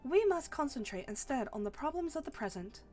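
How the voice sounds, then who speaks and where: A woman reading aloud the lines of an earnest young woman who leads a band of heroes, in a measured, formal way with small stumbles. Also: high-pitched, big pitch swings, darkish tone. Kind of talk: reading game dialogue aloud.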